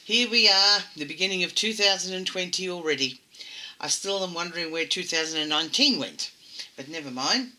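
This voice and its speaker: A woman's voice: fairly low pitch, lively intonation, brisk. A woman hosting a casual doll-making tutorial, chatty and hesitant with frequent ums. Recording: loud background noise.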